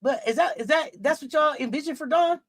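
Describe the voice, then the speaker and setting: Her voice is high-pitched and a touch fast, recorded without echo, as she hosts a live sports talk stream. The woman rants heatedly, peppering it with swearing and repetition while addressing her viewers directly and often.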